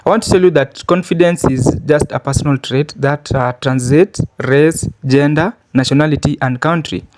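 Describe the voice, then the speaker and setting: A man's voice: fairly high pitch, normal speed, a little mellow. A man hosting his own channel, giving commentary with a hesitant delivery full of fillers. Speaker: channel host. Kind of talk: commentary to camera.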